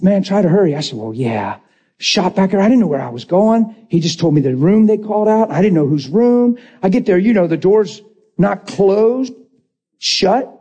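A man preaching a lively testimony, acting out the voices in his story and laughing often. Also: high-pitched, slightly rough. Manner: animated, acts out quotes, laughs often. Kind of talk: sermon storytelling.

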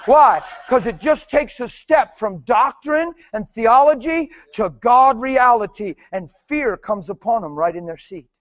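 High-pitched male preacher, animated storytelling, switches between soft talk and shouts, dull lo-fi recording. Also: measured pace, few pauses, no room sound. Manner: animated storytelling, laughing, mimicking voices and shouting. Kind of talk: testimony-style preaching to an audience.

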